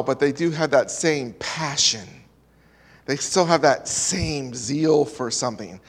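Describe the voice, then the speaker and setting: A man's voice: high-pitched, bright, forceful tone. A man preaching a sermon as pastor, emphatic and building his points with repeated parallel lines. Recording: reverberant hall.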